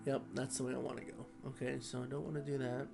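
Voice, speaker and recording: A man talks casually over his gameplay, rambling in an easygoing way. His voice sits at a middling pitch. Music plays clearly underneath. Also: flat delivery, fast. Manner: rambling, easygoing, many fillers. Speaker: gaming vlogger.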